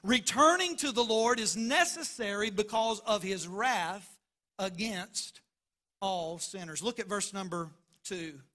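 A man's voice: sits high, measured pace, bright, forceful tone. A man preaching a sermon as pastor, emphatic and driving points home by repeating phrases.

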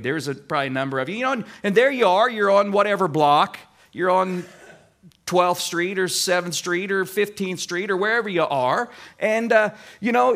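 Midwestern male pastor, raised voice, unhurried expository sermon with casual asides. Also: sits high, a bit bright. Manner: deliberate preaching, slows to stress scripture quotes; conversational asides to congregation.

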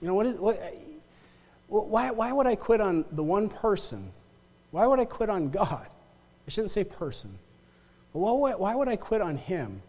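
A man's voice: high voice, darkish tone. A man preaching a sermon in a conversational way, often checking in with the congregation and repeating himself as he talks. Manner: conversational, repeats words, asks the congregation "right?" and "amen?". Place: church sanctuary. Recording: long hall reverb.

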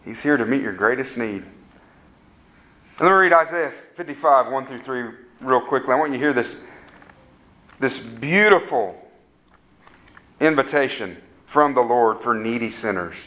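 A man's voice: mid-range voice, lively intonation, unhurried, pauses often, sharp tone. A man preaching a sermon, making earnest, pleading appeals to his listeners.

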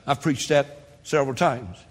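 A man preaching a sermon in a church, animated, with sudden shouts and quick asides. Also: medium pitch. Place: church sanctuary. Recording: long hall reverb.

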